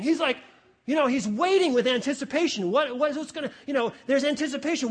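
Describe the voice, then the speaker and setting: High-voiced animated male preacher. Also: brisk. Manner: animated, acts out voices and rhetorical questions; jokey, conversational preaching. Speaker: pastor. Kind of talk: sermon.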